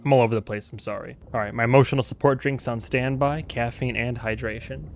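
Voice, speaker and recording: A man's voice: medium pitch, steady tone, fast, slight background noise. A man hosting a reaction video, chatting casually with many restarts and asides. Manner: rambling, self-interrupting, chatty.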